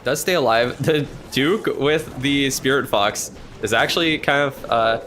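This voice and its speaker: A man calling a match live in loose, chatty play-by-play. His voice sits at an ordinary middle pitch, and he jumps on every turn with quick, excited reactions and a casual swear now and then. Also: faint music behind. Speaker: streamer commentating a match.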